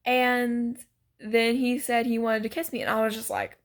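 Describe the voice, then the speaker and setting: A woman's voice: a little high, little pitch movement, moderate pace. Chatty, giggly woman telling a story. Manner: chatty, giggly, lots of "like" and "so basically". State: sick. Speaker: vlogger. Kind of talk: storytime vlog.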